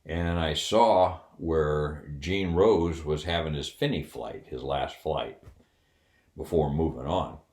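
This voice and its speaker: An older man with a very low, deep voice spins a wry, candid yarn from his service days, loose and conversational, with plenty of "uh"s. The sound carries a noticeable roomy echo. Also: takes it slowly, a little mellow. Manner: wry, candid, with frequent fillers and chuckles. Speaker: retired Air Force officer telling a story. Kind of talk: casual anecdote storytelling.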